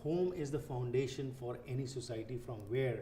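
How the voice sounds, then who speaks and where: A man hosts a talk show and asks long, formal questions with some hesitations. His voice is mellow and mid-pitched. The room is echoey, with a faint hiss underneath. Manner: formal, halting, many backchannel affirmations. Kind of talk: interview questions.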